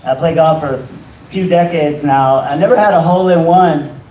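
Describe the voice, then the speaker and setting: A man doing an open mic stand-up set in a rambling, halting way with deadpan asides. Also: fairly high pitch, a little hiss or hum. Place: bar comedy room. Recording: echoey room, distant mic.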